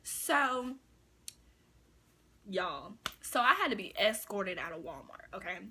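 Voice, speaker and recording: A woman's voice: mid-range voice, big pitch swings, slow pace, pushed and bright, slight background noise. A young woman vlogger telling a story in a casual, chatty way, full of fillers like "like" and "you know.".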